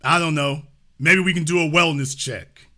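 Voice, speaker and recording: A man's voice: on the high side, moderate pace, bright, forceful tone. A man hosting a live call-in talk show, talking casually and repeating his points. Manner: casual, repetitive, restates lines.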